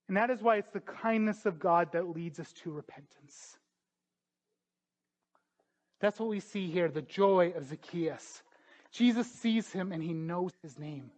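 A man preaching a sermon as a pastor, earnest and emphatic, slowing down on key phrases. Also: high-pitched. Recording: dull lo-fi sound.

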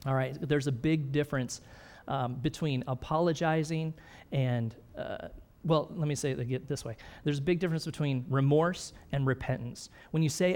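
A man's voice: medium pitch, moderate pace, a little mellow. Man preaching a conversational sermon. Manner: conversational preaching, frequent "right?" and "okay?", light laughs. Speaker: pastor.

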